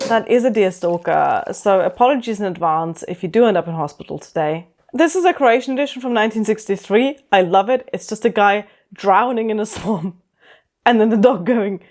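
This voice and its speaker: A woman's voice: medium pitch, a little mellow. A woman book vlogger giving casual review commentary with a wry, dry humour, recorded on a camera-mounted mic. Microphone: camera-mounted shotgun mic.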